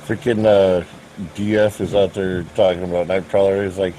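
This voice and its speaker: Brief: deep-ish man, dry joking storyteller, faint hum in the background. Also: little pitch movement, moderate pace, warm tone, low-quality recording. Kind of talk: casual voice chat.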